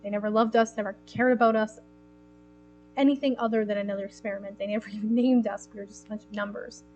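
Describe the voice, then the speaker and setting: A woman voicing a gentle, grief-stricken young man, speaking quietly and shakily. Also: mid-range voice, fairly even intonation, quick pace, faint music behind, natural voice, rough recording. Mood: grieving. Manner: quiet, trembling, subdued.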